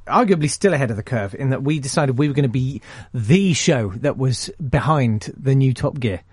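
A man's voice: medium pitch, animated, normal speed, darkish tone, breathy edge, no room sound. A man hosting a radio show, chatting casually in a rambling, jokey, self-mocking way. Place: radio studio. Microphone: studio microphone.

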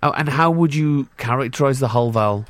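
A man's voice: mid-range voice, brisk, dry recording. Joking Glaswegian man hosting radio. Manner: joking, teasing, playful. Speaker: radio host. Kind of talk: casual studio chat. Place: radio studio.

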